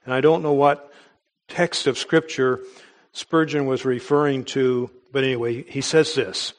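A man's voice: medium pitch, fairly even intonation, a little slow. A man preaching a sermon in an earnest, emphatic way, with small restarts as he goes. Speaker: pastor.

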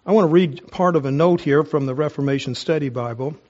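A man's voice: on the high side, a little mellow, dull audio. A man preaching a sermon, earnest and emphatic, his voice strained as if he is nursing a sore throat. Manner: earnest, emphatic, pauses to ask listeners directly. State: strained voice, taking cough drops. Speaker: pastor.

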